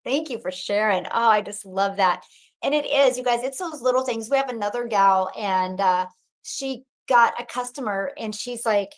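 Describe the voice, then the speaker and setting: A woman's voice: on the high side, normal speed. Upbeat woman hosting a live webinar. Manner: encouraging, upbeat presenter. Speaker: host and program coach.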